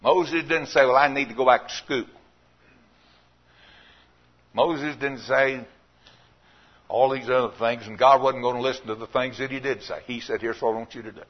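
A man preaching a sermon, telling folksy stories and rising to loud, emphatic points. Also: mid-range voice, fairly even intonation, moderate pace, pauses often, dull audio.

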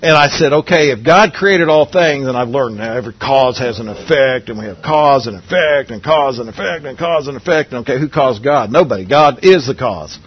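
A man's voice: medium pitch, expressive, fairly quick, few pauses, a bit bright, breathy edge, lo-fi sound. A man preaching a Bible lesson in a conversational way, asking his listeners questions and often restarting his sentences. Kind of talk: Bible teaching sermon.

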